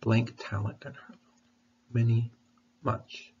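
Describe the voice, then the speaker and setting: A man's voice: mid-range voice, completely flat delivery, slow, darkish tone, slight background noise. A man teaching an online English lesson, talking patiently and repeating his questions, with a throat candy in his mouth. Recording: dull lo-fi recording.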